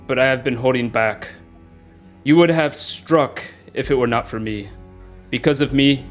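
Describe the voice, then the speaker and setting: A man's voice: mid-range voice, natural voice. A man voicing a holy talking battle axe that speaks with solemn, proclaiming zeal, over faint music.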